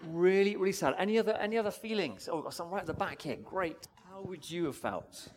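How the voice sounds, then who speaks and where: A man preaching a family-friendly sermon in a fairly high, very lively voice that swings up and down. He keeps asking the congregation questions and answering them. His voice rings with the long reverb of a church hall. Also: brisk.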